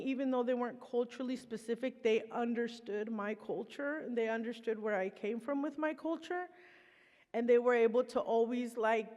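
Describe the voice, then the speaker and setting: A woman's voice: fairly high pitch, darkish tone, big-room sound. A woman giving a conversational, heartfelt presentation as a recovery program participant. Her talk is loose and full of fillers.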